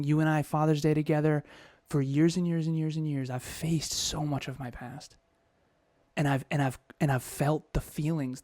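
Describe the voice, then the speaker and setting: A man's voice: fairly high pitch, a little mellow, no echo. A man in his thirties co-hosting a podcast, telling a personal story in an emotional, confessional way with frequent restarts. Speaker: podcast co-host.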